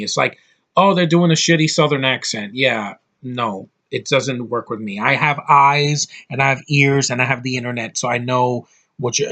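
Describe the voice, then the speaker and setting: A man from the United States giving a casual, opinionated movie review straight to camera, blunt and quick to swear. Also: medium pitch, a bit bright. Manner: blunt, opinionated, swears often, mocking voices.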